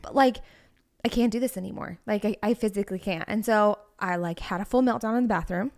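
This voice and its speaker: A young adult woman co-hosting a podcast tells a story in casual chat, talking fast in a medium-pitched, darkish voice. She's emotional and rambling, full of fillers, leaning heavily on "like."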